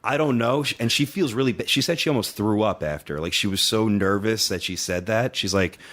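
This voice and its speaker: A man's voice: on the low side, fairly quick. A young man co-hosting a podcast, telling a funny story in casual chat and acting out what people said. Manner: animated, acts out quotes, swears freely. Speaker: podcast co-host.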